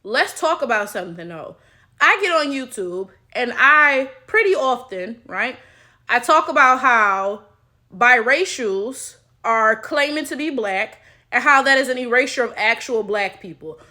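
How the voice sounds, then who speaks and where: Young woman, high bright voice, blunt slangy commentary. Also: lively intonation, unhurried. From Detroit, USA. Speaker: commentary YouTuber. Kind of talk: reaction commentary.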